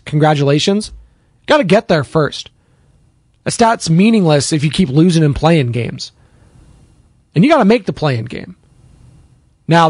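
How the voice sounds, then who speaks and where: A man's voice: fairly high pitch, a little mellow, no room sound. A man runs a sports radio monologue in a slightly raised voice, sarcastic and prone to drifting off on tangents. The sound is dry and close, like a studio microphone with no room around it. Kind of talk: opinionated sports talk monologue.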